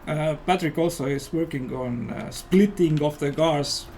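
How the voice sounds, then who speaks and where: Estonian man, high voice, rambling. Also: unhurried, darkish tone, slight background noise. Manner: rambling and enthusiastic, many fillers. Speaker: game developer and guest player. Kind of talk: casual livestream chat while playing.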